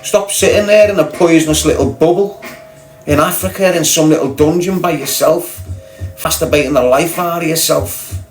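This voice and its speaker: A man's voice: on the high side, moderate pace, soft background music, rough recording. A man with a Scouse accent delivering a confrontational, mocking rant as a podcast guest. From Liverpool, England. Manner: confrontational, mocking, blunt and sweary. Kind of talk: ranting monologue.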